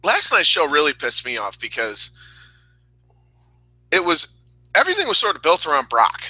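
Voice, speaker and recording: A man's voice: on the high side, wildly swooping pitch, normal speed, pushed and bright, breathy edge, no echo, rough recording. A man co-hosting a casual wrestling review podcast, rambling and candid, sometimes emotional. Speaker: podcast co-host.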